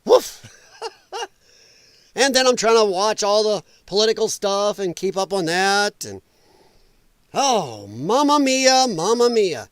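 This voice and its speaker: A man's voice: high voice, sing-song, slow pace, pauses often, clear, resonant tone, dry recording. A man hosting a live political talk stream from home, rambling and sarcastic in a casual commentary style. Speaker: political livestream host.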